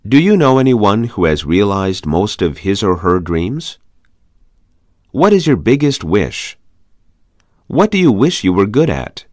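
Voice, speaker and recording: A man with a fairly low voice reads conversation practice questions for an English lesson at a steady pace. His intonation rises and falls in a lively way on each question. The recording is dry and close. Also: no echo. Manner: measured, evenly paced question reading. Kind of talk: reading practice questions aloud.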